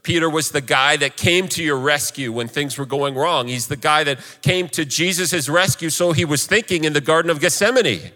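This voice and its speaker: A man's voice: on the high side, normal speed, hardly any pauses, sharp tone, long reverb tail. A male pastor preaching a sermon in an earnest, conversational way.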